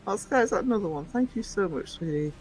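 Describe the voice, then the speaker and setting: A woman's voice: medium pitch, animated, fast, loud music behind the voice, poor audio. A woman from northern England hosting a casual live stream, chatty, reading out the chat and laughing often. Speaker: livestream host.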